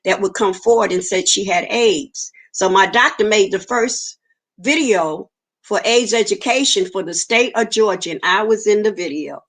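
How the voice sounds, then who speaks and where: A woman's voice: medium pitch, normal speed, fairly bright tone. A woman, giving an earnest personal testimony in an interview and acting out the dialogue she quotes. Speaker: interview guest.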